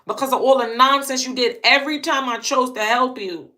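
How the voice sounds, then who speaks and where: A woman's voice: sits high, brisk, pushed and bright. A woman hosting her own channel, telling a personal story in a casual monologue, hammering home her points by repeating phrases. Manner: emphatic, repeats phrases for punch. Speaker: channel host.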